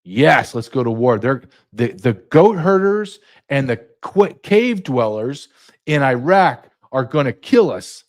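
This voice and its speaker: A man's voice: medium pitch, sing-song, slow pace. A male podcast host delivering a sarcastic solo monologue, full of mocking asides.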